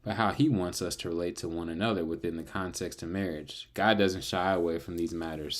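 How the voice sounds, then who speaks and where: A man reading through the Bible, breaking off into playful, chatty asides. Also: low-pitched. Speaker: Bible reader and narrator. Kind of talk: casual Bible reading with commentary.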